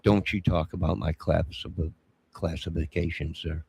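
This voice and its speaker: Gravelly deep-voiced man, preachy and indignant. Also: steady tone, measured pace, darkish tone, no echo. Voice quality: gravelly husky voice. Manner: indignant, preachy, confrontational, keeps saying 'sir'. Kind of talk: rambling live-stream monologue.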